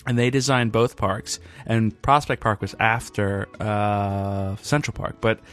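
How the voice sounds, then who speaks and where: A man hosting a podcast in a casual, rambling way, worn out after a long day and pausing often with fillers. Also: lowish voice, fairly even intonation, a bit bright, faint music behind. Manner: rambling, halting, with frequent fillers. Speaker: podcast host.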